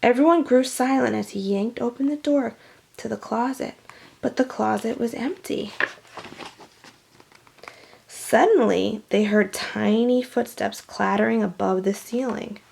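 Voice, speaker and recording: A woman reading a children's picture book aloud, pausing to explain words for children. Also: a little high, creaky, darkish tone, breathy edge. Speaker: storybook reader.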